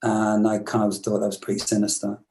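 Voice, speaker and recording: A man's voice: fairly low pitch, completely flat delivery, brisk, dark tone, rough recording. A man from Britain in his fifties, a musician guest telling long reflective stories in an interview, rambling with many restarts. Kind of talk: storytelling interview.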